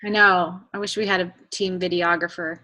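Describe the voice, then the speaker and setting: A woman coach chatting casually on an online team call, relaxed and hesitant, with many fillers. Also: fairly low pitch, normal speed.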